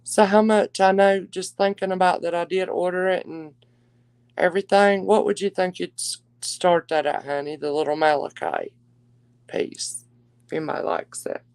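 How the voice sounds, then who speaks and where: Woman, live auction host, lowish voice, dry close sound, chatty and homey. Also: fairly even intonation, normal speed, creaky, clear, resonant tone, no room sound. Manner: chatty, warm endearments to viewers. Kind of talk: live-stream jewelry auction chat.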